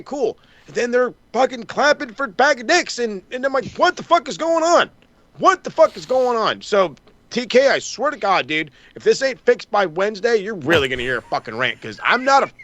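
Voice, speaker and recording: This podcast co-host rants fast and hot through a profane wrestling recap, cursing constantly and doing mock quotes of other people. The man's fairly high voice carries vocal fry and a bright, forceful edge, and the recording is dry.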